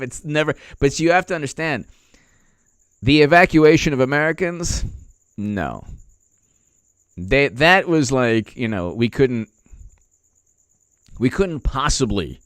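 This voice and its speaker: A man's voice: mid-range voice, big pitch swings, slow, pauses often, fairly bright tone, no room sound, studio quality. A man hosting a political commentary vlog, ranting sarcastically and repeating himself in disbelief. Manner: sarcastic, repetitive, incredulous. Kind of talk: casual political rant.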